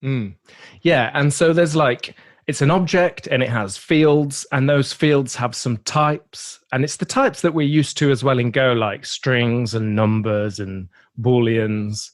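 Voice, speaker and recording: A man's voice: mid-range voice, a little slow. A man hosting a casual tech podcast, playful and self-deprecating, laughing often. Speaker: podcast host.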